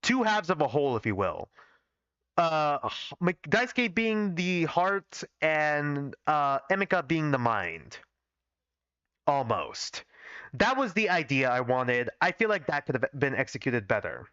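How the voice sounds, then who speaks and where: A man on a live stream reading his old fan fiction aloud, pausing to criticize his own writing and swearing casually. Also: on the high side, sing-song, fairly bright tone, clear, resonant tone, no echo, highs cut off. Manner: self-critical, swears casually, reads every part himself.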